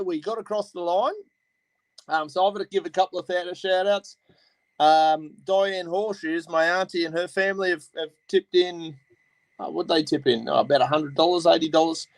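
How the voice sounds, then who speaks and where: A man's voice: sits high, no echo, poor audio. A man with an Australian accent hosting a casual chat, talking bluntly and swearing as he rambles. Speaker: host.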